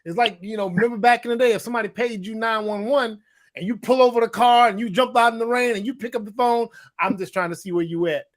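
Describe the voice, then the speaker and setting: A man's voice: extremely high pitch, steady tone, quick pace. A man co-hosting a casual discussion podcast, talking emphatically, repeating himself and acting out quotes. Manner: emphatic, repetitive, acts out quotes. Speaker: podcast co-host.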